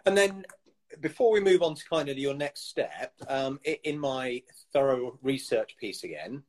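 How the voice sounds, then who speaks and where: A man's voice: mid-range voice, normal speed, a little mellow. A man hosting an interview, asking loose, rambling questions and giving short acknowledgments. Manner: brief backchannels, rambling questions. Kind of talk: conversational interview.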